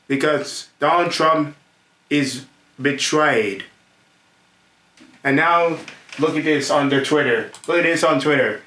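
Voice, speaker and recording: Host, male, bright edgy voice, rambling excited rant, echoey room, camera mic. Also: a little high. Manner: excited, repetitive, laughs often, stumbles over names.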